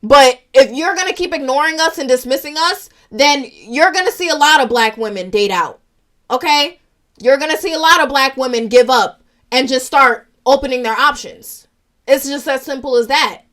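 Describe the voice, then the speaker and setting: A woman's voice: high-pitched, moderate pace, fairly bright tone. A young woman ranting in a casual vlog, emotional and frustrated as she talks to her followers. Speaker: social media commentator.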